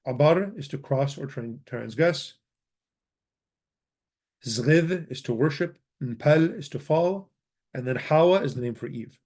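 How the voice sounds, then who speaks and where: A man teaching a grammar lesson into a desk microphone. He speaks at an ordinary middle pitch. He is methodical, repeating example words slowly before translating them. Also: darkish tone. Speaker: language teacher.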